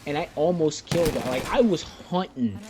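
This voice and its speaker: A man's voice: on the high side, lively intonation, moderate pace. Laid-back young man over game gunfire. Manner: rambling, profane, laid-back. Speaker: gaming YouTuber. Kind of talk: casual commentary over gameplay clips. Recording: game gunfire noise underneath. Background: game gunfire and clicks.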